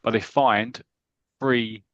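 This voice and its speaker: A man from Britain, a podcast co-host, retelling a comic story in animated casual chat with quick asides. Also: medium pitch, no room sound, highs cut off.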